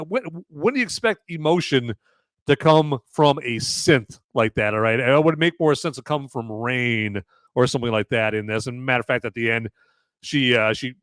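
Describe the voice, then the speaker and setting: A man's voice: mid-range voice, a bit bright, dry recording. A man hosting a live podcast movie review, ranting profanely and repeating himself as he goes. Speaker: podcast host.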